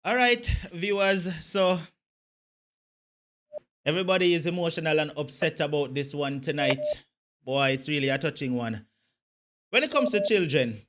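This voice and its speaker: A man hosting a live call-in show, taking callers briskly and reassuringly. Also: fairly high pitch, a bit bright, a little hiss or hum. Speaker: host.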